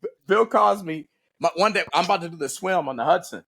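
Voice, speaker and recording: A man in his forties, a podcast guest and former Navy SEAL, telling stories in a casual, profane, animated way and laughing often. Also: high voice, fast talker, gravelly, breathy edge. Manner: profane, animated, laughs a lot, does voices.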